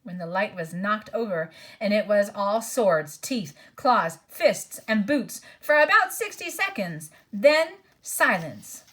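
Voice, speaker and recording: A woman's voice: mid-range voice, animated, slow, few pauses, a bit bright. A woman reading a children's fantasy novel aloud, narrating and doing the characters' voices. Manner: voices each character, aside comments to listener. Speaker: audiobook reader. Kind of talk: storybook read-aloud.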